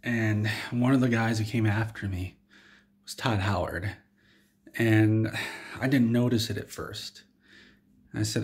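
A man telling an absurd in-character comedy story in a rambling, deadpan way, with frequent restarts. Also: on the low side, measured pace, pauses often. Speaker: comedy vlogger.

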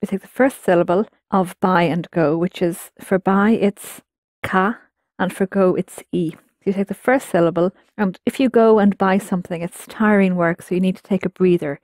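A woman's voice: on the low side, fairly even intonation, moderate pace, darkish tone, no echo, clean studio sound. Patient woman teaching a language class. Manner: patient, explanatory, prompts students. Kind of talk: guided language lesson.

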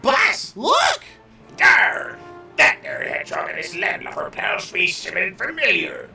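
A man voicing a blustering old pirate captain, growling his lines in gruff pirate talk. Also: high voice, wildly swooping pitch, slow, bright, forceful tone, reverberant, far from the mic, faint music behind, voice pushed down, full character voice.

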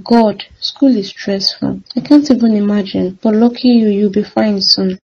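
A woman voicing a grieving young orphan who speaks softly and wistfully in a cartoon drama. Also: mid-range voice, moderate pace, highs cut off, a little hiss or hum, natural voice. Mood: grateful.

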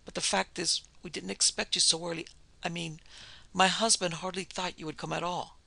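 A narrator voicing Mrs Pender, an anxious, timid middle-aged wife who rushes her words nervously. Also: lowish voice, fairly even intonation, gravelly, bright, forceful tone, no echo, full character voice. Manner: nervous, tremulous rush of words.

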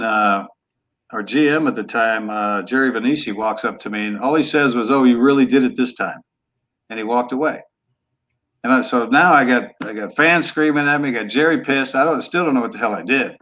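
An older man in his sixties talks in an easygoing, blunt way, dropping curse words as he tells his stories. His voice sits at an ordinary pitch for a man. The audio comes through dull and lo-fi. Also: moderate pace, a bit bright. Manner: laid-back, blunt, cusses freely. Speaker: guest, former football quarterback. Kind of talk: casual storytelling interview.

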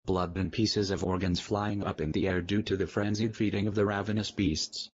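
A cold, bloodthirsty male killer talks in a deep, deadpan voice. The recording is dry and a little muffled, with no room sound. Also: normal speed, slightly rough, dry recording. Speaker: actor in a film.

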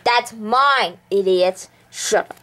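A woman being goofy and dramatic in silly home-video outtakes, giggling and shouting. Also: medium pitch, very slow, background noise.

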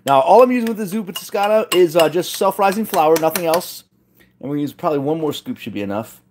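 A man with a high-pitched voice hosts a cooking challenge from his home kitchen. He chats with his live viewers in a joking, self-deprecating way, and faint clattering dishes can be heard behind him. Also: lively intonation, fast, noisy background. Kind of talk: casual live-stream chat.

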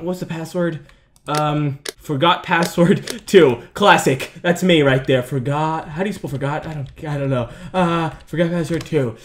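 A man's voice: on the high side, slight background noise. Jumpy young man yelping through a horror game. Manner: jumpy, swearing, yelping and laughing at scares. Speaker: gaming video host. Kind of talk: horror game playthrough commentary.

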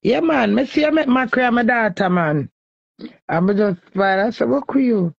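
Gravelly high-voiced Jamaican woman ranting. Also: animated, moderate pace, no room sound, muffled recording. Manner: heated, scolding, repetitive. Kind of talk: angry ranting live stream.

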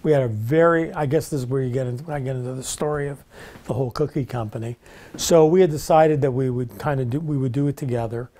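An older man casually telling the story of how he started his business, relaxed and conversational. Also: mid-range voice, fast talker. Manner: relaxed, conversational, rambling with restarts.

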